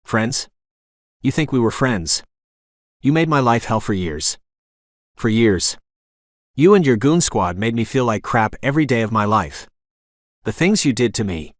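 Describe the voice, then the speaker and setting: A man's voice: medium pitch, sing-song, unhurried, long pauses, no echo, clean studio sound. A man voicing a young woman confronting the man who bullied her, bitter and hurt.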